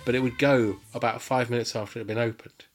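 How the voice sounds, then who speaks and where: A man's voice: medium pitch, flat delivery, fast talker, soft background music. A man chatting as a podcast guest, enthusiastic and rambling, with lots of fillers and restarts. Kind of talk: casual chat.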